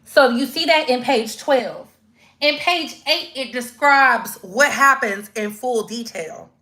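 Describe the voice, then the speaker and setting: Bright, animated woman streamer. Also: fairly high pitch, slow. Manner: animated, slangy, acts out quoted voices. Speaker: commentary streamer. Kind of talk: casual live-stream commentary.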